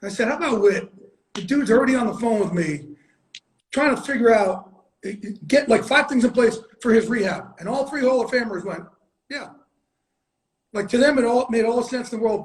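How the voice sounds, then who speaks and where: A man's voice: sits high, expressive, moderate pace, poor audio. A middle-aged man hosting an interview, talking in a blunt, emphatic way and swearing freely. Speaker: host. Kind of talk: casual interview chat.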